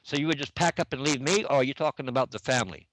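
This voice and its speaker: A man's voice: mid-range voice, racing, background noise. A middle-aged man casually retelling an online chat argument, reading back messages and repeating "I said" over and over. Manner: repetitive, reads back messages with constant "I said". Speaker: online game player recounting a dispute.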